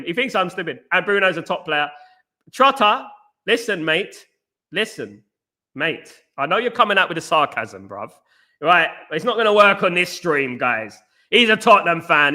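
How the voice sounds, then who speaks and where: Chatty bright-voiced man streaming. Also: a little high. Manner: chatty, rambling, addresses chat viewers directly. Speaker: livestream host. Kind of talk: casual live-stream chat.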